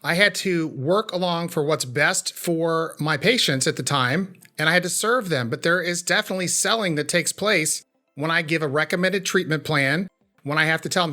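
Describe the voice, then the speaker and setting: A middle-aged man hosting a podcast interview, speaking earnestly and reflectively, a little halting. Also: on the high side, sharp tone, faint music behind. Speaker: podcast host, former chiropractor. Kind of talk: podcast interview, conversational remarks.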